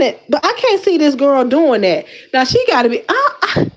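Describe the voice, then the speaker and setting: A woman hosts her own commentary, talking in a high voice full of slang. She is animated and exclamatory, circling back on the same words again and again as she talks straight to her viewers. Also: moderate pace. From Detroit. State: slightly winded while lifting weights. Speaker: YouTube commentary host. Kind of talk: casual commentary chat.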